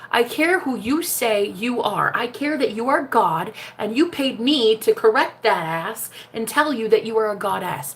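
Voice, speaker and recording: A woman's voice: a little high, fairly bright tone. An American woman, a spiritual manifestation coach, talking brashly and profanely in a casual livestream.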